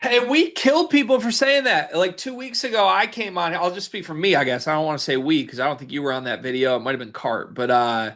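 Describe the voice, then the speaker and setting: Bright-voiced chatty sports show host man. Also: a little high, brisk, hardly any pauses. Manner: chatty, animated, reads quotes aloud. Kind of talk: casual sports talk.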